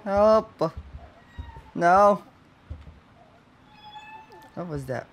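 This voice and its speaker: A man's voice: on the high side, animated, takes it slowly, fairly bright tone. A young man playing through a horror game, talking nervously to himself, swearing constantly and crying out when startled. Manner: jumpy, swears constantly, nervous self-talk. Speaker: gaming channel host. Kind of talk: horror game let's play commentary.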